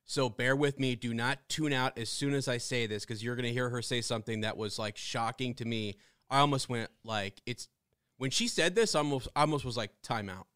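A man co-hosting a podcast, telling stories with excited, animated energy and frequent restarts. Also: medium pitch, fairly quick, smooth, no echo, clean studio sound. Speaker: podcast co-host. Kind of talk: casual fan discussion.

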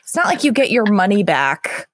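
A woman's voice: medium pitch, sing-song, normal speed, no room sound, clean studio sound. A woman co-hosting a podcast, chatting casually and telling a personal story with emphasis. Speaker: podcast co-host.

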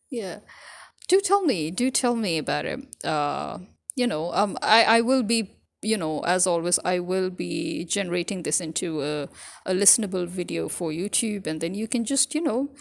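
A woman's voice: on the low side, vocal fry. A woman vlogger talking casually to her viewers, musing aloud and asking them questions. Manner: chatty, musing, asks the audience.

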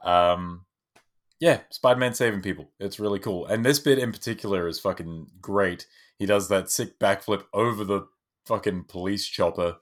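A man's voice: low voice, normal speed. A man co-hosting a casual movie podcast, enthusiastic and jokey, swearing freely. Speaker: podcast co-host. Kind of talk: casual movie-review chat.

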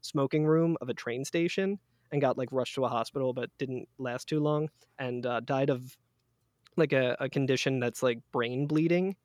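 A man's voice: mid-range voice, normal speed, darkish tone, no room sound, clean studio sound. A man chatting as a guest on a casual podcast, rambling through a story with lots of fillers and restarts.

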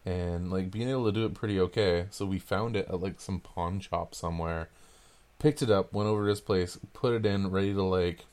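A man's voice: low voice, fairly even intonation, fairly quick, a little mellow. A man in his thirties co-hosting a podcast, telling stories in a crude, jokey way. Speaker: podcast co-host. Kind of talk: casual chat.

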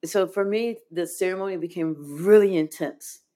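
A woman's voice: medium pitch, steady tone, normal speed, dark tone. A woman guest telling her personal story in an earnest, heartfelt way, often saying "like". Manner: earnest, heartfelt, frequent "like" fillers. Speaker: podcast guest.

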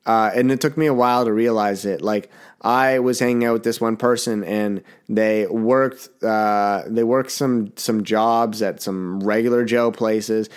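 A man's voice: fairly low pitch, steady tone, a little slow, clean tone. A young man hosting a casual solo podcast, talking bluntly and rambling with swearing, a little sick. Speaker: podcast host.

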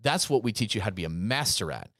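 A man with a fairly low voice talks in a casual podcast chat, earnest and emphatic, circling back over his words. The sound is dry and close to the mic. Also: sing-song, fast talker, bright, forceful tone, dry recording. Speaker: podcast co-host, gym business coach.

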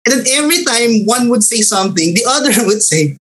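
A man from the Philippines with a Filipino accent, explaining language terms in a measured, lecturing way with examples. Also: extremely high pitch, expressive, a bit bright, poor audio. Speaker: linguistics guest. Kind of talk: explanatory discussion.

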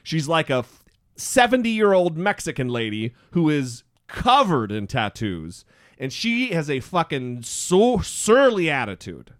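Podcast co-host, male, hoarse, animated and profane, dry close mic. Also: a little high, a little slow, no echo. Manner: animated storytelling, swearing freely. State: hoarse voice from a throat illness. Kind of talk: casual chat.

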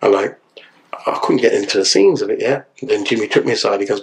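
A man talking as a podcast guest, chatty and animated, tagging his lines with "yeah?". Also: lowish voice, fast, creaky. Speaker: podcast guest, solicitor and actor. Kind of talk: casual podcast chat.

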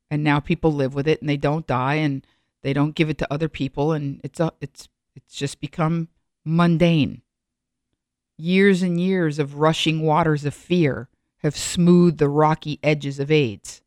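A woman's voice: sits low, darkish tone, no echo, studio quality. A middle-aged woman giving a reflective solo monologue, rambling with frequent restarts and asides.

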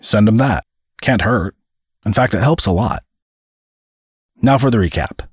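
Deep husky storyteller man. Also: measured pace, no room sound, studio quality. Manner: expressive, dramatic reading. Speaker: podcast host and narrator. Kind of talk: scripted storytelling narration.

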